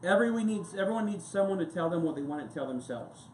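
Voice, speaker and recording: A fast-talking American pastor with a high-pitched, expressive male voice preaches a sermon in an echoey church. He wanders conversationally through anecdotes and asides, with slight background noise and faint room ambience.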